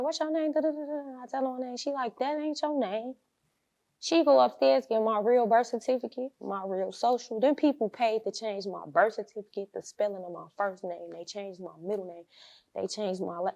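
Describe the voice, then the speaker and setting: Young woman w a gravelly voice, blunt slangy storytelling, acts out quotes, kinda high. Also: a bit bright, muffled recording. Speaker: interview guest. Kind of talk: casual storytelling interview.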